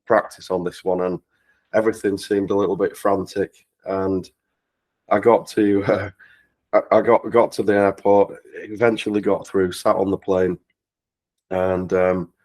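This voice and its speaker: The rough recording features a low, slightly mellow male voice with a flat delivery and a somewhat slow pace. He's telling a casual personal anecdote as a charity talkathon livestream guest, laughing through it and repeatedly stumbling and restarting.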